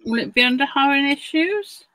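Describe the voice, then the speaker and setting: A woman's voice: high-pitched, expressive, normal speed, fairly bright tone, no room sound, rough recording. A woman co-hosting a casual crafting stream, chatty and encouraging as she thinks aloud.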